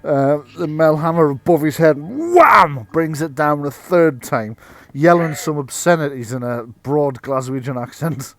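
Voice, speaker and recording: Man, game master, lively narration, sound effects, laughs a lot. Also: a little high, normal speed, hardly any pauses, a little hiss or hum.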